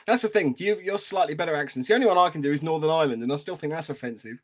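A man's voice: fairly high pitch, racing. A man from England co-hosting a casual podcast, laughing often and reading listener comments aloud. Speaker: podcast co-host.

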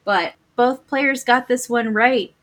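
A woman's voice: a little high, slow pace, a bit bright. A woman hosting a trivia game, reading questions aloud and playfully teasing the players.

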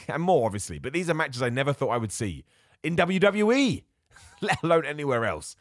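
A man's voice: on the high side, very animated, normal speed, no echo, studio quality. A man hosting a solo podcast, talking in a casual, rambling, opinionated way and going off on asides. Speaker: podcast host. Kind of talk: casual solo wrestling chat.

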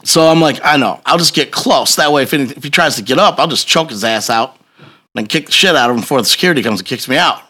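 A man telling a long personal story in casual chat, profane and animated, laughing as he goes. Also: mid-range voice, fast.

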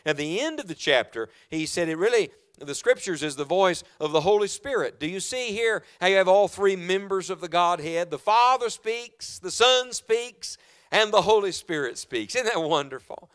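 A man preaching a sermon in a church auditorium, reading scripture and asking the congregation questions, dropping to a hush and then rising loud. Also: high-pitched, lively intonation, brisk, hardly any pauses, clear, resonant tone. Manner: dramatic swings from hushed to loud, asks the congregation questions.

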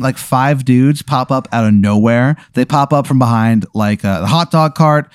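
A man's voice: mid-range voice, normal speed, hardly any pauses, smooth, dry recording, studio quality. Rambling man spinning an absurd tale. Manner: rambling, full of "like" and "uh", deadpan absurd. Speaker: podcast host telling an absurd hypothetical. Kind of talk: casual improvised storytelling.

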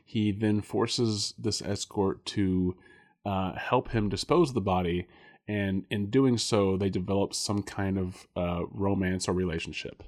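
A man's voice: sits low, fairly even intonation, a little slow, darkish tone. A man co-hosting a casual podcast, rambling with many fillers and restarts and laughing often. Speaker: podcast co-host guessing films.

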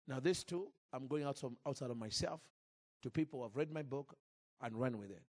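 A man preaching a sermon into a microphone in church, telling a story in a lively, acted-out way. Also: mid-range voice, normal speed, no echo. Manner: animated, acts out scenes and jokes with the crowd. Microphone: handheld or stand mic.

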